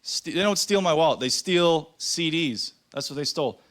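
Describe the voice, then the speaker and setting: A man doing a stand-up comedy routine, telling stories deadpan and slipping into voices for the people in them. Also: fairly high pitch, normal speed. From Canada. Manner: deadpan storytelling with acted-out voices. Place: comedy club stage with a live audience.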